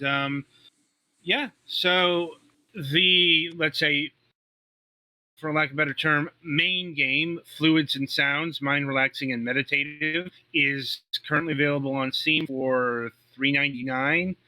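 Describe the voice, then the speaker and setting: A man hosting an interview podcast, asking questions and wrapping up the episode in a friendly, measured way. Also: on the high side, fairly even intonation, sharp tone, poor audio. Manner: friendly, wraps up the show in a measured way. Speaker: podcast host. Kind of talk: interview host.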